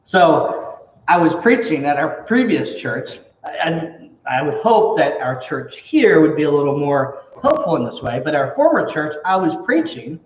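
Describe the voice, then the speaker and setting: A man's voice: a little high, big pitch swings, measured pace, a little hiss or hum. A man, a pastor, chatting casually and telling a joke with laughs. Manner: chatty storyteller, laughs at his own jokes. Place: church hall. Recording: echoey hall, far from mic, dull.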